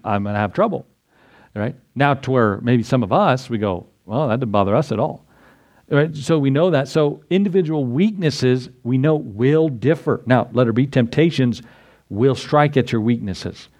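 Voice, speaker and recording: A man's voice: medium pitch, darkish tone. Conversational middle-aged male pastor preaching. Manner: conversational preaching, asks the congregation "right?", quick asides and chuckles. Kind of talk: sermon.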